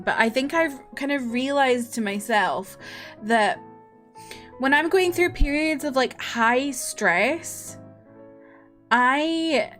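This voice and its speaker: Tired young woman, streamer chat, unhurried, slightly high voice, faint music behind. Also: fairly bright tone. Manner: rambling, chatty, laughs often.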